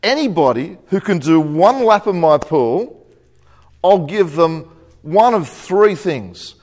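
A man's voice: on the high side, sing-song, takes it slowly, darkish tone. A man playing a boastful, rich male Texan rancher in a joke within his sermon, in a showy, bargaining manner.

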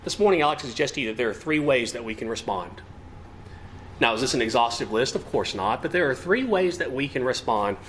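Emphatic male preacher, lively pitch. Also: a little fast, a little hiss or hum. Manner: emphatic, rising and falling delivery with rhetorical questions. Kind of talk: sermon.

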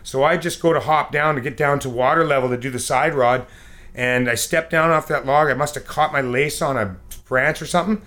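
Bright-voiced man telling a fishing story. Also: medium pitch, a little fast. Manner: animated storyteller, acts out sounds and quotes. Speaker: podcast co-host. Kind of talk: casual storytelling chat.

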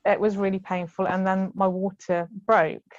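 A woman's voice: medium pitch, level tone, normal speed, dry recording, dull audio. A woman telling a personal story in casual conversation, chatty with frequent ums and laughs. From United Kingdom. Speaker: guest sharing birth story.

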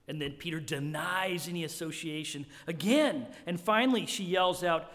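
A male pastor preaching a sermon, animated and emphatic, often restarting and repeating words. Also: on the high side, moderate pace. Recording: long hall reverb.

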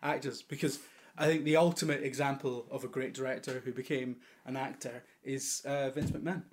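A man's voice: medium pitch, steady tone, a little fast. A man co-hosting a casual film podcast, with dry, teasing humor. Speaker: podcast co-host. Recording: loud background noise with clicks.

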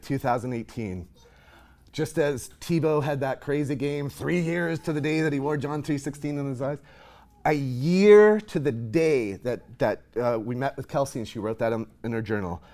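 A man, a pastor, preaching an emotional sermon to his congregation, reading scripture with loud emphasis. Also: fairly low pitch.

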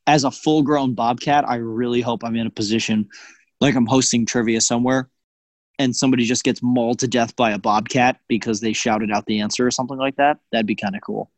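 Man riffing with deadpan exaggeration. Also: mid-range voice, a little fast, no room sound. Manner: jokey, exaggerated storytelling. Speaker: podcast co-host. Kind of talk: casual comedic chat.

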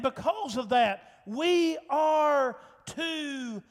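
A very high-pitched man delivers a slow, deliberate sermon, hammering home the same phrases again and again. He swells into shouts at his peaks. His voice carries a long church reverb. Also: expressive. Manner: impassioned, bursts into shouts; repeats phrases for emphasis. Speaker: pastor.

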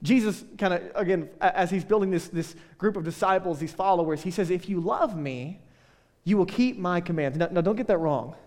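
A man's voice: sits high, a little fast, a little mellow. Guy preaching, chatty and jokey, keeps asking right?, lots of reverb. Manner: conversational, joking asides, frequent "right?". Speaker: pastor. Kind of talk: casual sermon.

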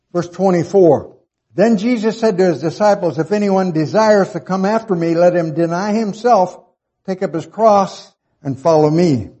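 A man's voice: on the high side, dark tone, breathy edge. A man preaching a Bible-teaching sermon, reading verses aloud and repeating key points for emphasis.

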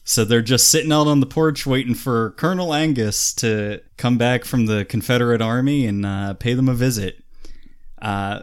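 A man co-hosting a casual podcast who talks in a relaxed way, with many "uh" pauses and chuckles. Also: mid-range voice, clean tone. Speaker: podcast co-host. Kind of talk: casual chat.

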